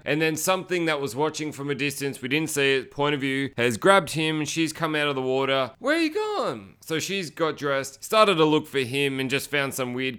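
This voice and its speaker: A man's voice: mid-range voice, a bit bright, smooth. A man hosting a casual movie podcast, rambling through a chatty recap with lots of fillers. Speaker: podcast host.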